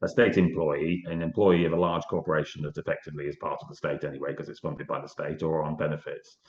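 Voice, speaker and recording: A man with a British accent, a party guest in an interview, talking earnestly and quickly with many restarts. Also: a bass voice, level tone. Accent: British English. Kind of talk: conversational interview. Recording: echoey, dull lo-fi audio.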